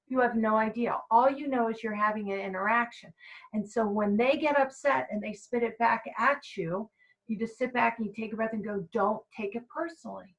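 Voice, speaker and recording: Woman giving a mindfulness workshop to coworkers, slightly higher voice, chatty and emphatic. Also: poor audio. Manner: energetic, emphatic, conversational. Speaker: mindfulness trainer. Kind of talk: workshop talk to staff.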